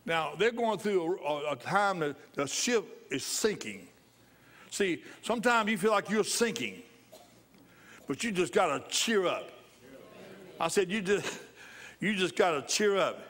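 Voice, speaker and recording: A pastor preaches in a church, his voice sitting a little higher than most men's. He drives points home by repeating his phrases and breaks into hearty laughter as he urges joy. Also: sing-song, a little slow, long pauses, fairly bright tone. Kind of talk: sermon.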